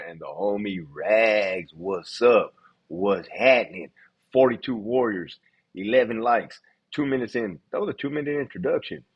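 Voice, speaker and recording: A man hosting a casual livestream, blunt and profane, rattling through shout-outs in a quick list. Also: on the low side, husky, highs cut off. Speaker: livestream host.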